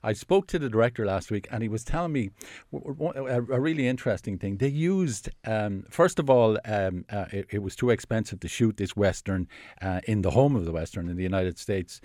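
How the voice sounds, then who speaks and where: Irish man, film critic, low voice, dry close sound, halting with fillers. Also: lively intonation, dark tone, no echo. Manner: hesitant, many fillers and restarts. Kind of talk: casual radio film review. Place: radio studio in Dublin.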